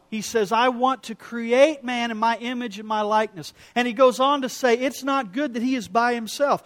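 A middle-aged man preaching a sermon as pastor, telling stories and acting out quoted lines in an animated way. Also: extremely high pitch.

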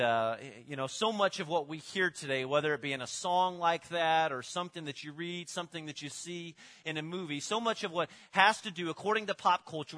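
Middle-aged male pastor, bright forward tone, casual sermon delivery with lots of restarts. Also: a little high. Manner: conversational, repeats words and restarts, uses props.

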